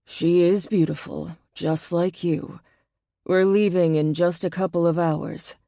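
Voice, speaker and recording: A woman narrator voicing a gruff, deep-voiced husband who speaks in a tight, steady way. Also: measured pace, dry recording, clean studio sound.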